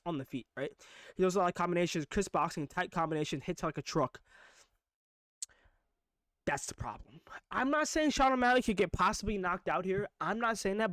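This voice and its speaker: A man giving a live, unscripted fight breakdown as a reaction vlogger, excitable and rapid-fire, stacking up emphatic repeated phrases. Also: on the high side, no room sound, studio quality. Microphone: own microphone.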